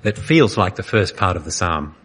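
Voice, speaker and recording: A male pastor preaching an earnest sermon, dramatic and full of pauses. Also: low voice, sing-song, fairly bright tone, slightly rough. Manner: earnest, dramatic, pausing often.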